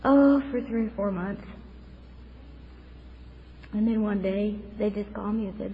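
Unhurried and medium in pitch, this fifties-aged woman shares her recovery story as testimony at a meeting. She speaks earnestly and reflectively, at moments through tears, on a dull recording with a faint hiss of noise.

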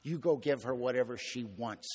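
A man voicing a blunt older Irish Catholic priest with a deep brogue, heard in a reverberant hall. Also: normal speed, darkish tone, lightly acted. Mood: stern. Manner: gruff, scolding, plain-spoken.

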